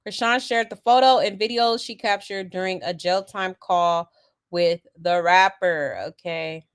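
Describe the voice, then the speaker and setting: Brief: woman gossip host, drawling and unhurried, sassy asides, exasperated tone. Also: mid-range voice, steady tone, clear, resonant tone. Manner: reads out viewer comments with laughs. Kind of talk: casual gossip commentary.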